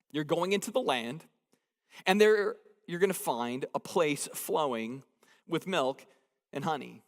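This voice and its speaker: A man's voice: sits high, expressive, unhurried, vocal fry, a bit bright. A man preaching a sermon as pastor. He talks conversationally and jokes, and he stresses points by repeating phrases. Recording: long hall reverb.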